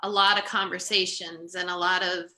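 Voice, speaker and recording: A woman guest speaking hesitantly, with many pauses. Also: on the low side, little pitch movement, pushed and bright.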